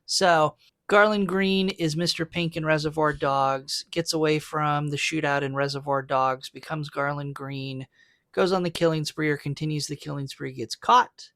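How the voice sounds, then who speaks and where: A man's voice: fairly high pitch, fairly even intonation, moderate pace, a bit bright, no echo. A man co-hosting a podcast, giving opinions on a movie and laying out a fan theory step by step. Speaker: podcast co-host. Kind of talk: casual movie discussion.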